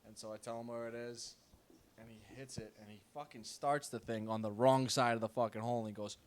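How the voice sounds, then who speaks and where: A man's voice: mid-range voice, fairly even intonation, fairly quick, clear, resonant tone. A young man casually telling a caddie story, laughing often and swearing freely as he acts out both sides. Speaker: golf caddie and podcast host.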